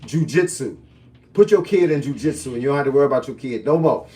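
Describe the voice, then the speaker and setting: A fitness coach in his fifties talks through viewers' questions on a live stream. He speaks in a relaxed, folksy way, full of plain slang, with a voice of ordinary pitch for a man. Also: fast, recorded from a distance. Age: 50s.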